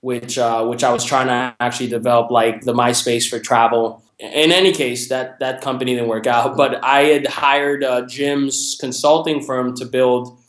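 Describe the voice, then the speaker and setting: A man talks through his sales career in a lively, conversational manner and acts out the customers in his stories. His pitch sits in the middle range. The room adds a clear echo around his voice. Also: normal speed, hardly any pauses. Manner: animated, acts out quoted customers in raised voice. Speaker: guest sharing sales experience. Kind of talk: conversational storytelling. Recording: roomy echo.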